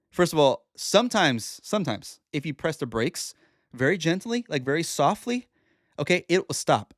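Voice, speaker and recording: A man in his forties, talking at a middle pitch, hosts his own podcast and tells a story casually. He rambles and restarts often, and his animated voice sits close and dry in a small room. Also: dry recording. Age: 40s. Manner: animated, rambling, with frequent fillers and self-corrections. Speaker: podcast host.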